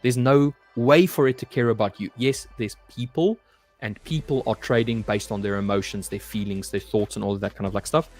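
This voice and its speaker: A man's voice: fairly low pitch, fairly even intonation, brisk, darkish tone, faint music behind. Man hosting a trading live stream. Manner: reads viewer comments aloud and chats loosely, saying "mate" often. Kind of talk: casual live-stream chat with viewers.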